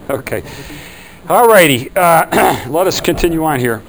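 Male sales trainer, fairly high voice, animated, faint room noise. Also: a little slow, low-quality recording. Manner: animated, acts out customer quotes.

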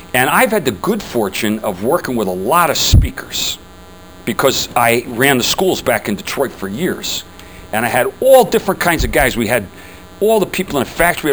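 An older man addresses a room of customers in a loose, conversational talk, his pitch swinging widely as he tells stories and turns to the audience with questions. A faint mains hum sits under the recording. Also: low-quality recording. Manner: chatty, animated storytelling with asides to the audience. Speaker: speaker giving a talk to business customers. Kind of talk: casual presentation to a group.

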